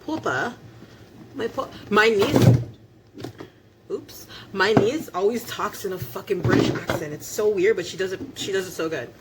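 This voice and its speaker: A woman's voice: mid-range voice, normal speed, very noisy. A young woman vlogging at home while cooking, chatty and laughing, swearing casually. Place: home kitchen.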